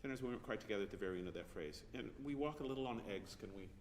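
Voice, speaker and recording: A man's voice: fairly low pitch, expressive, very fast, a little mellow. A man coaching a choir in rehearsal, giving precise, encouraging diction corrections. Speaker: choir conductor. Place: large rehearsal hall with choir. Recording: reverberant rehearsal hall with faint noise.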